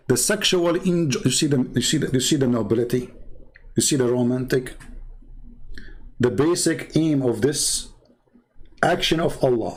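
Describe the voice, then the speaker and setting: Sarcastic man with non-native English. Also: a little mellow. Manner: mocking, with heavy irony and sudden pitch jumps. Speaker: online religious critic. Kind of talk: sarcastic commentary while reading from screen.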